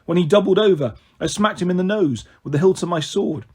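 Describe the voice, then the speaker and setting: A man reading a novel aloud in first person, with expressive, animated narration. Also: high-pitched, brisk, breathy edge. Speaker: storyteller.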